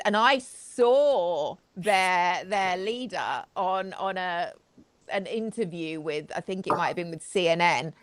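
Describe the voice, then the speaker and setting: A woman with a mid-range, fairly bright voice hosts a live stream from her home studio, recorded dry. She offers sarcastic, chatty commentary, speaking directly to her audience.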